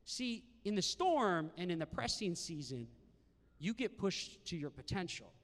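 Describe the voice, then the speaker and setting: A man preaching a sermon to a live congregation in a church hall, animated and acting out quoted voices. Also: high voice, unhurried. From Canada. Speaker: pastor. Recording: long hall reverb.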